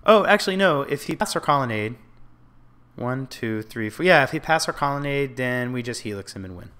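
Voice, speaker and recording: A man's voice: medium pitch, animated, a little fast, a bit bright, smooth. A man casually commenting on his own online card game, thinking aloud about plays and grumbling at his own mistakes. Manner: self-critical, frustrated muttering and outbursts. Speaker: gameplay commentator.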